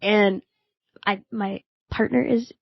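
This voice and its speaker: A woman's voice: mid-range voice, fairly even intonation, slow pace, gravelly, slightly rough, no room sound. A woman hosting her own podcast in a candid, chatty and self-mocking way. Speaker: podcast host. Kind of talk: conversational solo podcast. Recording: dry, slightly dull podcast audio.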